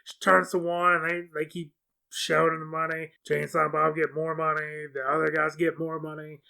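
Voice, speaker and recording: A man's voice: fairly high pitch, monotone, moderate pace, gravelly, bright, forceful tone. A man co-hosting a podcast, rambling casually through a film recap and swearing freely. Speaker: podcast co-host.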